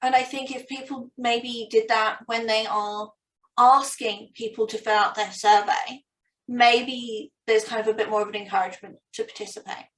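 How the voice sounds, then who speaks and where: A woman's voice: fairly high pitch, steady tone, moderate pace, fairly bright tone. A young woman, a PhD student, talking casually and self-deprecatingly about her research, full of "like" fillers. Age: young adult. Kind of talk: casual academic conversation. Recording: roomy sound from a distance.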